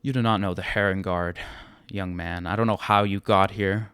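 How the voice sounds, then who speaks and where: A man's voice: low voice, fairly even intonation, normal speed, a bit bright, smooth, no room sound. A man voicing a stern, commanding father who is a veteran marshal. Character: stern older male marshal, a protective father.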